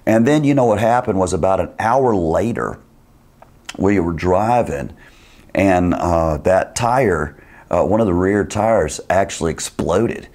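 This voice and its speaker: A man telling a rambling, lively anecdote in casual speech, acting out quoted dialogue. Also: deep voice, a little slow.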